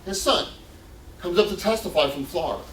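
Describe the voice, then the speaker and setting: A man's voice: sits high, brisk, slight background noise. A man telling his own story to an audience in a lecture room, emphatic and acting out the quotes. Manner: animated, emphatic, acts out quotes. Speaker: exonerated speaker at a college lecture. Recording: roomy hall sound from a distant mic.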